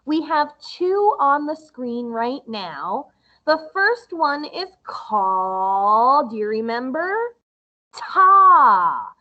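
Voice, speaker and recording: A woman music teacher giving a recorded lesson to young children, explaining slowly and patiently in a sing-song way. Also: high voice, big pitch swings, dull audio.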